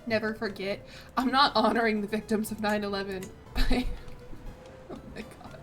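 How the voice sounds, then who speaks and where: A woman's voice: mid-range voice, steady tone, moderate pace, a bit bright, soft background music. A woman streaming a strategy game, reading the game text aloud, stumbling over words, swearing and chatting with lots of "like". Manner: chatty asides with frequent "like". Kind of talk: casual gameplay commentary.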